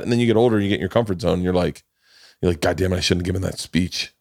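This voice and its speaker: Swearing, animated podcast host man. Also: sits low, very fast, dry recording, clean studio sound. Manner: animated, swearing, laughing storyteller. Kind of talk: casual storytelling chat.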